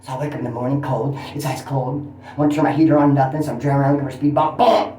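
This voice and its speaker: Fast-talking, profane man venting in an echoey room. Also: medium pitch, slight background noise. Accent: Californian. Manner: profane, venting, animated storyteller. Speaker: YouTube channel host. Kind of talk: casual rambling vlog. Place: motel room.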